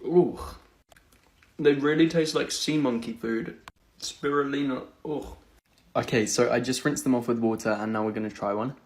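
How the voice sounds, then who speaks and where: A man talking in a casual, excitable vlog style, filming himself on a phone at home and out at a farm. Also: normal speed. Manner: chatty and excitable, coos high at animals. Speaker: vlogger.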